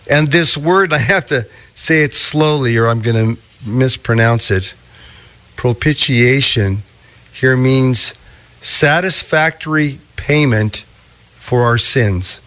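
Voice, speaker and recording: A man preaching a sermon, teaching through a scripture passage with slow, deliberate emphasis. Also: mid-range voice, a bit bright. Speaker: pastor.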